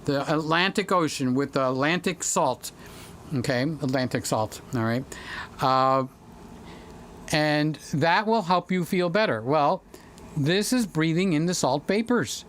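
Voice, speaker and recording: A man on the high side, with lively intonation and a bit of brightness, speaks a little slowly over a faint hiss or hum. In his home studio room, he runs a chatty livestream, reading comments, naming viewers, and now and then breaking into song.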